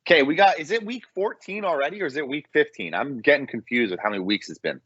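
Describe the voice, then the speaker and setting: A man's voice: a little high, expressive, fast talker, fairly bright tone, breathy edge, dry recording. A man co-hosting a casual sports betting podcast, chatty and self-deprecating. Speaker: podcast co-host. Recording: muffled lo-fi podcast mic.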